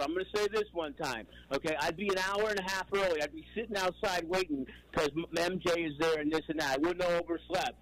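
A man in his sixties from New York calls in to sports radio and talks in a rambling, emphatic way. He circles back and repeats himself in a voice pitched a little high. He comes through a radio call-in line. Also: a bit bright, poor audio. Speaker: caller.

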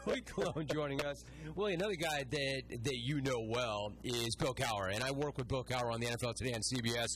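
A man's voice: mid-range voice, fast, hardly any pauses, a crowd in the background. Enthusiastic male sports show host. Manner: enthusiastic, emphatic repetition. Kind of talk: casual sports interview.

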